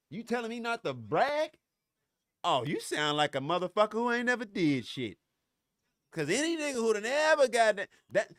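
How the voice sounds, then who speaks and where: A man's voice: high voice, a bit bright, dry recording, studio quality. A middle-aged man hosting a podcast, ranting in a profane, heated and confrontational way, often stumbling over restarts. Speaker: podcast host. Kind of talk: solo podcast rant.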